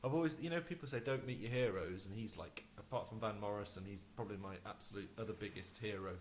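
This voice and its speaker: A man's voice: fairly low pitch, fast, a little hiss or hum, poor audio. A man speaking as an interview guest, chatty and easygoing, with frequent restarts. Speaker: guest musician. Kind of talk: casual interview chat.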